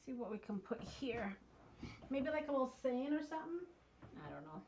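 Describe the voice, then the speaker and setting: A woman's voice: high-pitched, big pitch swings, moderate pace. Woman craft vlogger, breezy and self-mocking, muffled home audio with faint hiss. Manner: chatty, self-mocking, talks to viewers as y'all. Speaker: craft channel host. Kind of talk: casual crafting chat.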